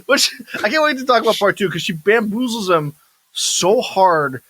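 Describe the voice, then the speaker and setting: Male podcast co-host, bright and husky tone, easygoing asides. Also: high-pitched, expressive, moderate pace, poor audio. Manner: conversational, chiming in with hypotheticals and asides. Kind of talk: casual movie chat.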